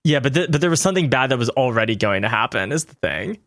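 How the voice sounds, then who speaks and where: Man game master, casual hesitant narration, mid-pitched voice, dry close recording. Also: expressive, quick pace, vocal fry, fairly bright tone, dry recording. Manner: loose, hesitant with fillers and laughs.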